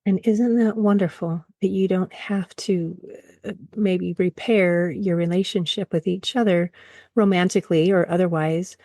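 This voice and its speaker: Effusive woman podcast host, low voice. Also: steady tone, unhurried, mellow, no echo, clean studio sound. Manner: effusive, affirming responses. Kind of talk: interview hosting.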